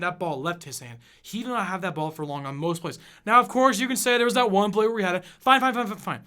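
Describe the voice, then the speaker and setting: Casting: high, bright-voiced man in his 20s, profane podcast host, rants with fired-up emphasis. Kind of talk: casual sports rant.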